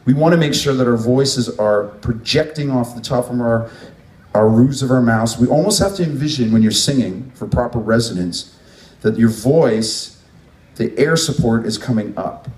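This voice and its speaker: A man's voice: medium pitch, normal speed, a little mellow, far from the mic. A man running a vocal workshop at a music event, explaining breathing and resonance to a group. He demonstrates sounds as he goes. The room is echoey and he stands some way from the mic. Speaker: vocal coach.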